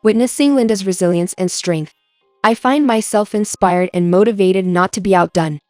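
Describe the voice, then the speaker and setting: A woman narrating a scripted first-person story in an even storytelling manner. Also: mid-range voice, moderate pace, no echo, clean studio sound, soft background music.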